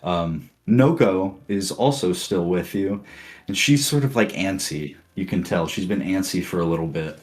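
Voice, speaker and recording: A man narrating a tabletop game as game master in a relaxed, chatty way, laughing easily. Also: low-pitched, normal speed.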